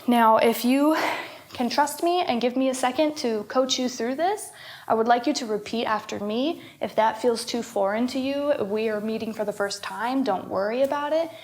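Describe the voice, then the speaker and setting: Young woman health coach, kinda high voice, talks you through moves, lots of little laughs and whews. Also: normal speed, a little mellow. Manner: encouraging, laughs often, breathy exhales between cues. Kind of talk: guided movement instruction.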